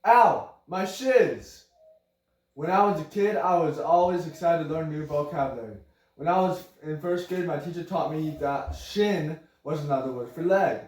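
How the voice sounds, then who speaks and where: A man's voice: a little high, normal speed, a little mellow. A young man, a podcast co-host, reading a funny story aloud in a casual, upbeat way. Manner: upbeat, reads jokes and stories aloud. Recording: echoey room, mic far off.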